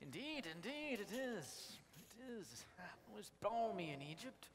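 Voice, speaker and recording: A man plays Joseph as a high, lively, pompous official with a fake posh British accent. His voice rings with a gravelly edge. The recording sounds like a long echoing church hall with background noise. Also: measured pace, crowd noise, full character voice. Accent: put-on posh British. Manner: pompous, theatrical, breaks into flustered asides. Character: Joseph, a grand official hiding his identity. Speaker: skit actor. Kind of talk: church kids' skit acting.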